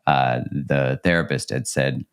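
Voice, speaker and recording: A man in his thirties speaks as a podcast guest and relationship coach. His voice is extremely deep, and his manner is reflective and earnest. He laughs easily in casual chat. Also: fairly even intonation, a little slow, smooth.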